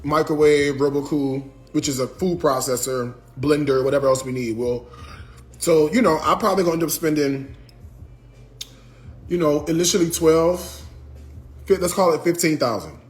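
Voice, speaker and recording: A man's voice: fairly high pitch, moderate pace. A man livestreaming casually to his viewers, talking through costs and scolding the chat with exasperation, calling them y'all and child. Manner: southern US vernacular, addresses viewers as y'all and child. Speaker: livestream host.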